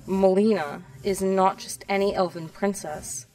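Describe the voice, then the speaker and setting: A woman's voice: medium pitch, steady tone, unhurried, warm tone, distant mic, natural voice, rough recording. A woman reading the lines of a cold, drawling, contemptuous young male wizard from a storybook.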